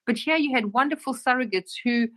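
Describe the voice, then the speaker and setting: A woman teaching in a casual spiritual talk, her voice sitting on the higher side. She talks animatedly and slips into acted-out dialogue with a raised voice. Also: a little fast, a bit bright.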